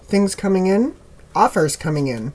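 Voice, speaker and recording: A man giving a casual tarot reading to camera in a relaxed, rambling way with frequent ums, his voice a little worn, recorded on a camera mic at home with birds heard behind him. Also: high-pitched, moderate pace, very noisy. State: slightly losing voice. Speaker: tarot reader. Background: birds chirping.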